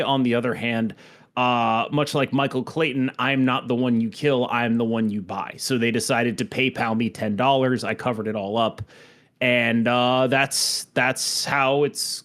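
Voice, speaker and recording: A man's voice: medium pitch, fairly even intonation, normal speed, a bit bright. A man co-hosting a podcast in casual chat, rambling and joking, often breaking into laughter. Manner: jokey, rambling, laughs at bits. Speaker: podcast co-host.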